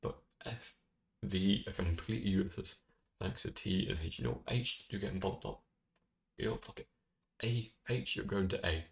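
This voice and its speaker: Gravelly low-voiced young man. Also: normal speed. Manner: jokey, rambling, swears casually. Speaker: tier-list video host. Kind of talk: casual rambling commentary. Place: his bedroom. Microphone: desk microphone.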